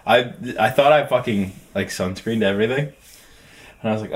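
A man co-hosting a podcast, telling stories in an animated, swear-heavy casual chat. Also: on the low side, moderate pace. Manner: animated storyteller, swears a lot, laughs easily. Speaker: podcast co-host.

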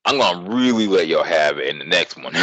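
A man's voice: low-pitched, bright, forceful tone, no echo, poor audio. A man hosting a casual gaming chat, speaking in a laid-back, blunt, profane way. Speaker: podcast host.

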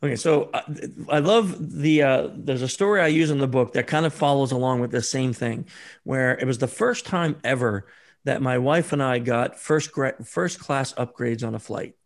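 A man's voice: medium pitch, moderate pace, gravelly. A man being interviewed as a social engineer and author, telling stories with animation and acting out the people he quotes. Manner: animated, acts out quoted dialogue. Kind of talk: interview storytelling.

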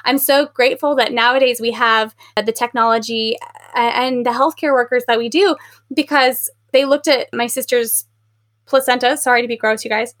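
Chatty, animated woman podcast host. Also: fairly high pitch, moderate pace. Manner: chatty, filler-heavy, animated retelling with acted quotes. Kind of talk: casual book discussion.

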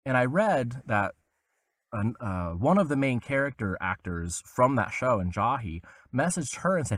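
A man's voice: moderate pace, dry recording, studio quality. A young adult man, a voice actor guest, telling a casual story in an interview and acting out the voices of the people he quotes. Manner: animated, acts out quoted voices with big pitch jumps.

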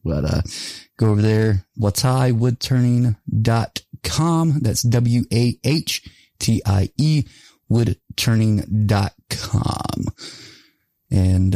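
Slow, low-voiced male podcast host. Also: creaky, a little mellow, no echo, studio quality. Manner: loose, profane, laughs often. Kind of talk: casual podcast chat.

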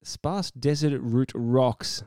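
A man's voice: medium pitch, extremely slow, a little mellow, clean tone, no room sound, clean studio sound. A man hosting a radio show, chatting casually, laughing often and rambling through anecdotes. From Australia. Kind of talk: casual on-air banter.

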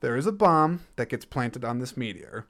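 A man's voice: mid-range voice, expressive, normal speed, fairly bright tone. A man hosting a casual film review, rambling and jokey, correcting himself as he goes. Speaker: podcast host reviewing a film.

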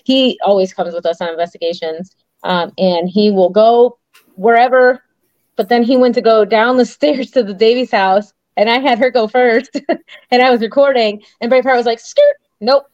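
A woman co-hosting a paranormal chat podcast, talking in an excitable, rambling way and acting out what others said. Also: fairly high pitch, moderate pace, no room sound, highs cut off. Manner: excitable, rambling, acts out quotes. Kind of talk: casual chat.

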